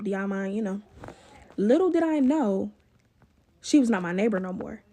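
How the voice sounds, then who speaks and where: A young woman telling a story to her viewers, animated and profane, talking straight to the camera. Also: a little high. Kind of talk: casual storytime vlog.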